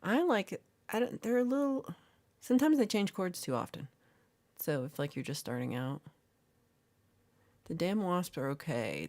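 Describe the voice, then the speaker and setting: A woman with a deep, slightly mellow voice hosts a casual livestream. She reads and answers chat comments in a jokey way, teasing her viewers as she goes.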